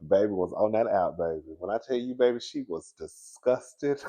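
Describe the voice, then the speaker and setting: A sassy man with dishes gossip in a casual commentary. His voice swings from a low, easy murmur up into loud, high-pitched exclamations. He laughs often and keeps calling the listener girl and baby. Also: lively intonation, moderate pace, hardly any pauses, dull audio. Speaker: commentary show host.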